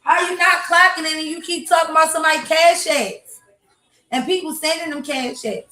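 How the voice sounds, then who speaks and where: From her kitchen at home, a woman hosts a casual morning livestream in a very high-pitched, steady voice that is pushed and bright, speaking a little fast. She rants bluntly and profanely while talking to her chat, in an echoey room with faint noise.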